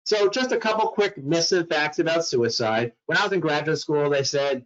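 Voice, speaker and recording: A man's voice: fairly high pitch, moderate pace, hardly any pauses, fairly bright tone, muffled recording. A man giving a talk on mental health to workplace staff, telling a story dramatically and acting out the voices in it.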